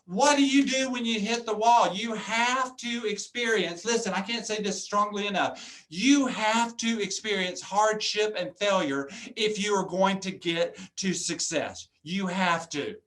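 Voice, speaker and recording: A man giving a motivational keynote talk as a professional speaker, animated and jokey, acting out customers in funny voices. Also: high voice, measured pace.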